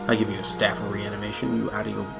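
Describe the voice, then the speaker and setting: A young man co-hosting a gaming video, chatting casually while he plays and laughing through an animated story. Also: rapid-fire, gravelly, over loud music. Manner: animated storyteller, laughs often, jumps into high voices for quotes. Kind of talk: casual chat while playing a game.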